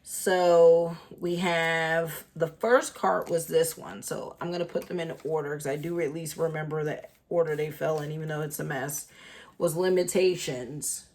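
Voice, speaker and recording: A woman's voice: low voice, fairly even intonation, normal speed, darkish tone. A woman doing a casual tarot reading for her channel, chatty and thinking aloud with lots of fillers. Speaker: tarot reader.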